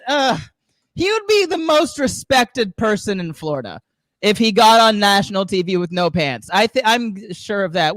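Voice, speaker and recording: A man's voice: high-pitched, very animated, normal speed, fairly bright tone, dry recording, studio quality. A man from the Southern US doing a rambling stand-up comedy set, chuckling at his own jokes. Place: comedy show studio.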